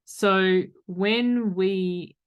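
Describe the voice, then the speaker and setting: A woman's voice: medium pitch, drawn-out words, smooth, lo-fi sound. A woman co-hosting a podcast in casual chat, talking animatedly and acting out little quoted voices. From Australia. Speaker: podcast co-host.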